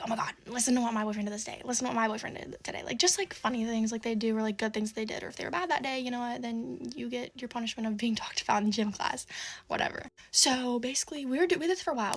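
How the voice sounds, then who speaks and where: A teenage girl telling a storytime monologue, rambling with lots of "like", swearing and exasperated asides. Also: fairly high pitch. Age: teens.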